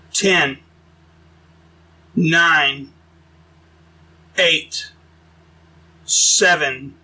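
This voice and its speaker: A man narrating a science-fiction audiobook in an even, explanatory storytelling manner. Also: high voice, poor audio. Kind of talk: scripted narration.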